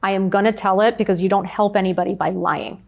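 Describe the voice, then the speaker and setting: A woman's voice: medium pitch, fairly even intonation, fast, vocal fry. A woman in her fifties, a podcast guest, telling stories in a chatty, emphatic way with lots of "like". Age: 50s. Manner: chatty, emphatic storyteller, frequent "like". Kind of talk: candid conversational interview.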